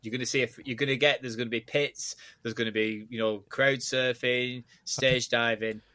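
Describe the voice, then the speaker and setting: A man hosts a casual metal podcast, chatting and teasing his guests with loose, rambling sentences. His voice sits at an ordinary middle pitch. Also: fairly even intonation, moderate pace, pushed and bright, dry recording. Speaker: podcast host. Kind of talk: casual chat.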